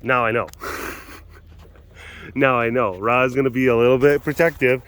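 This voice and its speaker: Chuckling and rambling with self-deprecating humor, a man records a casual vlog on a phone held close, filming through a glass door at an animal compound with big cats. He speaks at a moderate pace in a medium-pitched, slightly bright voice with fairly even intonation.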